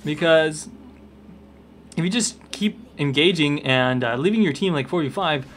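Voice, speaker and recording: An upbeat young man talks through his own video game match in casual commentary, his voice sitting a little high. He gets excitable at the big moments and chats along with fillers, hiccuping here and there. A faint hiss of noise runs underneath. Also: normal speed. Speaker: gaming commentator.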